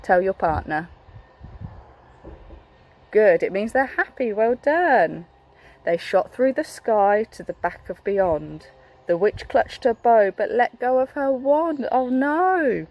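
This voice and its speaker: A woman's voice: fairly high pitch, lively intonation, takes it slowly, lo-fi sound. A young woman teacher reading a picture book aloud to a class, encouraging and asking the children questions.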